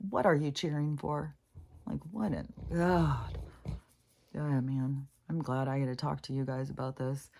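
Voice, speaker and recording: A woman's voice: a bass voice, steady tone, unhurried, gravelly, mellow. A woman in a casual, rambling spiritual vlog, talking frankly to her viewers, swearing freely and ranting at times. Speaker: spiritual vlogger.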